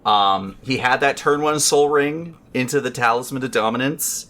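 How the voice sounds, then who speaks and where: A man's voice: medium pitch, normal speed, fairly bright tone. A man on a podcast panel, casually telling a long, rambling story full of fillers and swearing.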